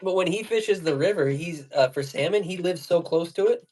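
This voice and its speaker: A man's voice: high voice, normal speed, a little mellow, slight background noise. A man chatting casually on a livestream while tying flies, rambling with slang and fillers. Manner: rambling storyteller, laughs while telling stories; loose slangy speech with many fillers. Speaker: fly and jig tier on a livestream.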